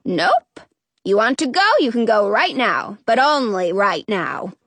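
A woman's voice: mid-range voice, very animated, unhurried, a bit bright, no room sound. A woman voicing a cranky, blunt talking magic mirror that grumbles curtly in a storybook. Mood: annoyed. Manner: irritable, curt, grumbling.

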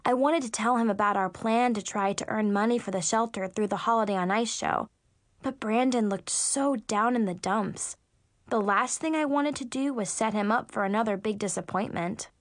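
A woman reading a storybook aloud in the first person, chatty and expressive. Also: medium pitch, normal speed, no room sound, studio quality. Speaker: audiobook narrator.

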